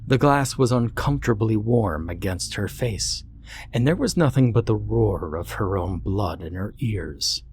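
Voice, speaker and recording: A man narrating a horror story in a measured, suspenseful way. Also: on the low side, lively intonation, darkish tone, a little hiss or hum.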